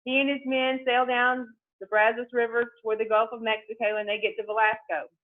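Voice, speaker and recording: A woman's voice: a little high, little pitch movement, fairly quick. A woman teacher giving a conversational history lecture, talking straight to her students and often repeating words. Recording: tinny phone-like sound.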